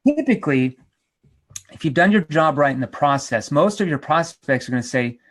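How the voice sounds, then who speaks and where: Male sales trainer, slightly high voice, punchy and emphatic, seminar style. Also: brisk. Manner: energetic, emphatic, acts out role-plays.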